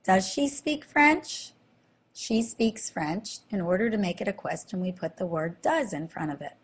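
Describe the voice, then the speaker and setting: A woman teaching a slide-based language lesson, explaining slowly and clearly and quizzing the listener with questions. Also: fairly low pitch, a little mellow. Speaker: French teacher.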